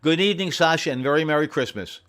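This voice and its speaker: A man running an amateur radio station from home, friendly and repeating call signs slowly and carefully. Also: on the high side, fairly bright tone. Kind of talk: on-air radio contacts, reading call signs.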